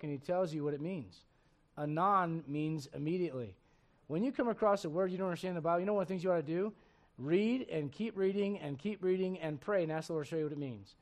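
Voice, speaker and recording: High-voiced guy preaching a bible study, gets loud and lively on the big points, reads verses out. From raised in a Spanish-speaking home. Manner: animated, rising and loud on emphatic points, reads scripture aloud. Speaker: pastor. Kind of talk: sermon at a midweek Bible study.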